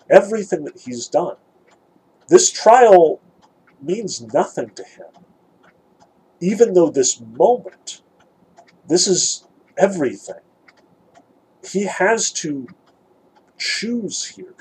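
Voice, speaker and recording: A man's voice: fairly high pitch, dark tone, husky, rough recording. A man giving a thoughtful, emphatic lecture on a novel, reading passages aloud and picking them apart. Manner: thoughtful, emphatic, some restarts. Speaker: literature lecturer.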